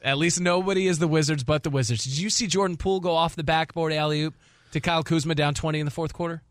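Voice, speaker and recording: A man's voice: a little high, quick pace, dry recording. A man in his forties, a sports radio host, telling a long story in casual chat and acting out the people in it. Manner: animated storyteller, acting out quotes. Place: radio studio. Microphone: studio mic.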